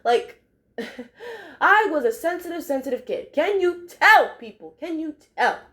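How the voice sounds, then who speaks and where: A woman's voice: high voice, very animated, moderate pace, bright, forceful tone. A young woman chatting casually in a review vlog, full of fillers and phrases she repeats. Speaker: cartoon episode reviewer.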